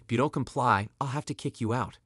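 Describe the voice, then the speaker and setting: A man's voice: mid-range voice, quick pace, a bit bright, slightly rough, no room sound, studio quality. Man doing a stiff restaurant manager.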